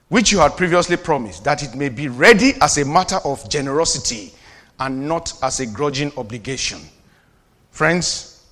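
A man preaching as a pastor, calling to the congregation and dropping from loud declarations to quiet asides. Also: a little high. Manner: preachy call-and-response, swings from shouting to quiet asides. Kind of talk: sermon.

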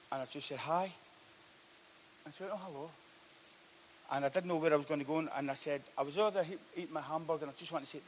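A man preaching a sermon, telling a story that swings from hushed to loud. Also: fairly high pitch, slight background noise. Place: church hall.

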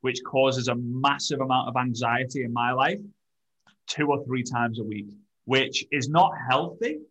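A man's voice: medium pitch, measured pace, fairly bright tone, poor audio. A man hosting a podcast, chatting eagerly with a guest and often restarting his sentences. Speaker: podcast host. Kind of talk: casual interview chat.

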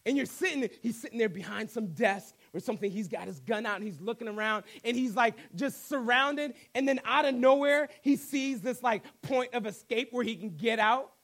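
A man with a very high voice preaches a sermon. His delivery is animated and conversational, and he slips in jokes between his points. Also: moderate pace, few pauses. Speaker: pastor.

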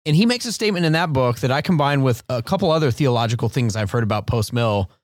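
A man's voice: medium pitch, expressive, quick pace, no echo, studio quality. A man in his late thirties co-hosting a podcast, speaking in a reflective, conversational way. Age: 30s. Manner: reflective, conversational, with some repeated words. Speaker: podcast co-host. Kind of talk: casual discussion.

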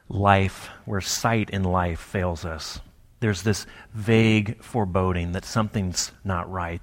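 Man preaching in a reverberant hall. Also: fairly low pitch. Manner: conversational storytelling with dramatic pauses. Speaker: pastor. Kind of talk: sermon.

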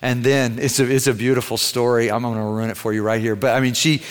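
A man preaching a sermon, telling a story with loud emphatic peaks that drop to hushed, slow endings. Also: mid-range voice, little pitch movement. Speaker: pastor. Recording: large hall reverb.

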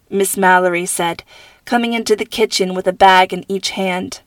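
Woman host reading her own story, calm steady voice, dry close mic. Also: mid-range voice, normal speed, no room sound. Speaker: podcast host and author. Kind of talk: scripted storybook narration.

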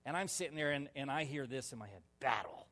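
A male pastor telling a personal story in a sermon, animated and laughing, with sudden loud shouts. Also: mid-range voice, quick pace. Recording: long reverb of a large hall.

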